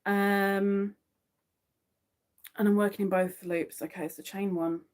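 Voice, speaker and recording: A woman talks at an unhurried pace as she crochets live, chatting easily with her viewers. Her pitch sits in the middle of the range, and she quietly counts stitches under her breath between remarks. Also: little pitch movement. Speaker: crochet livestream host. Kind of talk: casual chat to a live audience while crocheting.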